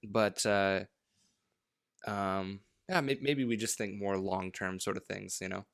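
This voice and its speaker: A young man with a somewhat low voice co-hosts a relaxed podcast chat. He talks in a laid-back way and swears casually. The recording is dry and close. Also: a little slow, gravelly, clean tone, dry recording. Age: young adult. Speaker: podcast co-host.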